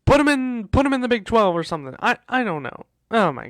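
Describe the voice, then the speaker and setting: A man's voice: very high voice, big pitch swings, quick pace, few pauses, fairly bright tone, no room sound. A man hosting a casual sports talk show, ranting in exasperation and repeating himself. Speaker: host.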